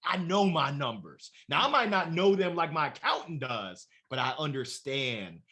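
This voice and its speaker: A man talking as an interview guest, telling his career story with lively acted-out quotes. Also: on the high side, normal speed. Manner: animated storyteller acting out quoted voices.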